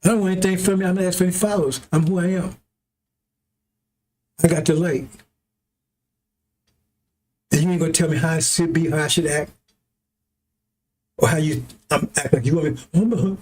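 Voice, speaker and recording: A man's voice: fairly high pitch, brisk, long pauses, a little mellow. A man giving a loose, rambling sermon to his followers, blunt and often laughing as he reads scripture. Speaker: preacher.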